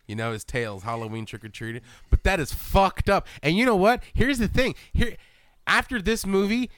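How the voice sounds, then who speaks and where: A man co-hosting a podcast, chatting loosely about a horror movie, excitable and profane, laughing often. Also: high voice, moderate pace, no room sound. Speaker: podcast co-host. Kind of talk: casual movie commentary chat.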